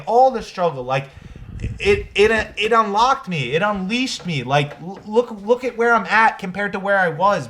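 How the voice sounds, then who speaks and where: High-voiced man in casual podcast chat. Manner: animated, swearing, acts out quoted friends. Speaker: podcast co-host.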